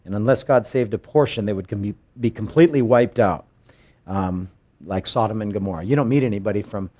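A man preaching a verse-by-verse Bible sermon, conversational with frequent restarts, animated as he acts out quoted scripture. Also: fairly low pitch, a little fast. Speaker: pastor.

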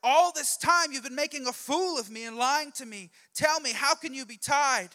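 A preacher putting on a shrill, nagging Delilah. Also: male voice, moderate pace, pushed and bright. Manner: raised, insistent, exaggerated. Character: pleading, nagging young woman Delilah. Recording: long hall reverb.

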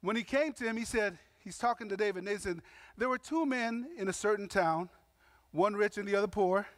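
Guy preaching a sermon, pretty high voice, chatty and punchy, slangy asides, dry close mic. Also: brisk, a bit bright, no room sound. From Samoan heritage. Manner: conversational, emphatic preaching with slangy asides and acted quotes. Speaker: pastor.

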